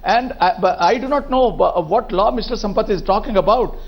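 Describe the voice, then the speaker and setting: A man's voice: high voice, gravelly, muffled recording. A man argues his case on a TV panel. He stumbles through restarts and fillers, leaning on a repeated "in fact". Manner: halting, many fillers and restarts, keeps saying "in fact". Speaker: political debate guest. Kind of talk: arguing a point on a televised panel.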